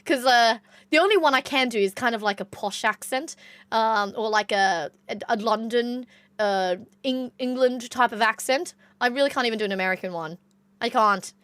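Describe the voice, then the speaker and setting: A woman's voice: fairly high pitch, moderate pace, a bit bright, smooth, dry recording. A young Australian woman streamer with an Australian accent, chatting casually with her viewers, reading chat aloud and swearing now and then.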